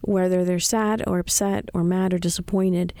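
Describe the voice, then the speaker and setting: A woman's voice: lowish voice, little pitch movement, moderate pace, mellow, no room sound, studio quality. A woman resident expert on a podcast, explaining emotions in a thoughtful, explanatory way. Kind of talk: podcast panel analysis.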